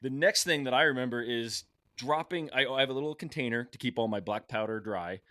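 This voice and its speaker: A man hosting a podcast, telling a hunting story in a casual, animated way and acting out what people shouted. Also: medium pitch, brisk, no room sound, clean studio sound. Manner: animated, acts out shouted quotes. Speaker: podcast host.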